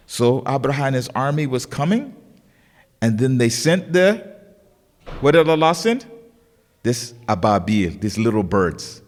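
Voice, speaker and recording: A man's voice: mid-range voice, big-room sound. A man giving a religious lecture, telling a story and acting out the voices in the quotes. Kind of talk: sermon. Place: lecture hall of a learning center.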